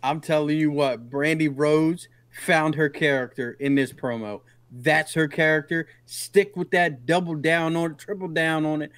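A man's voice: fairly high pitch, fairly even intonation, unhurried, few pauses, fairly bright tone, no room sound. A man co-hosting a casual chat, chiming in with enthusiastic, emphatic agreement. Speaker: podcast co-host.

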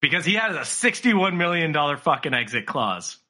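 Animated, husky-voiced man telling a story. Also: a little high, normal speed. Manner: animated, profane, slips into mocking voices for people he quotes. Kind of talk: casual storytelling chat.

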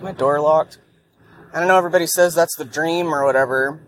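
A woman with a low voice talks briskly while driving, vlogging from her car after a sleepless night. Her casual, rambling monologue is a blunt, profane, irritable rant. Faint road and vehicle noise runs in the background.

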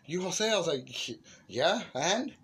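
A man tells a story to his friends in a raised, somewhat high voice, swearing freely and shouting out the lines he acts. The recording carries steady background noise. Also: measured pace. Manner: profane, animated storytelling with shouted reenactments. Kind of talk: casual chat. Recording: noisy room recording.

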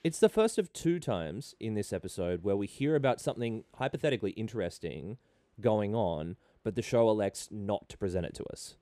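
A man's voice: lowish voice, lively intonation, a little fast, mellow, dry recording, clean studio sound. A man co-hosting a podcast, recapping a reality show in casual, wry chat and laughing often. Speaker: podcast co-host.

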